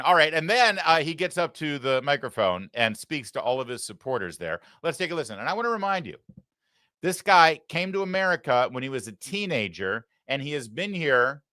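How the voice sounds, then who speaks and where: A man's voice: fairly high pitch, pushed and bright, no room sound. A man hosting a live political commentary show, talking in a sarcastic, mocking way into a studio microphone. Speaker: talk show host.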